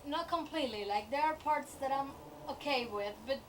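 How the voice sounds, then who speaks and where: Young woman, high voice, animated exasperated rant, a bit off-mic, faint hiss. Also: moderate pace, recorded from a distance. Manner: animated, exasperated, laughs often. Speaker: vlogger. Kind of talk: casual rant about a TV show.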